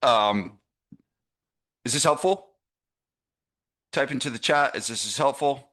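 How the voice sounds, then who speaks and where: A man's voice: mid-range voice, slow pace, fairly bright tone. A middle-aged man teaching a live online masterclass for gym owners, stressing points and checking in with his audience. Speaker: gym business coach.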